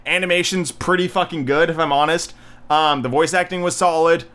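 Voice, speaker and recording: Slightly winded, this young man runs a solo podcast of casual movie reviews, rambling frankly and leaning on fillers. His fairly high voice is steady, fairly quick, fairly bright, clear, and resonant.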